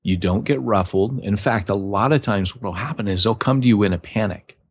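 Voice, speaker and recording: Podcast co-host, man, low voice, rambling chat, restarts, dry close sound. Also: brisk, slightly rough, no room sound. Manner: rambling, with restarts and acted-out quotes. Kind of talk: conversational podcast talk.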